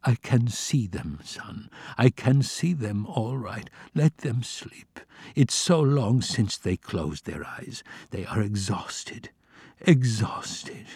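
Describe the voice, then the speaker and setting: A man voicing an exhausted, dying old father who pleads softly and slowly to be left to rest. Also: mid-range voice, very animated, breathy edge, no room sound, clean studio sound. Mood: weary, tender. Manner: weak, pleading, slow and soft.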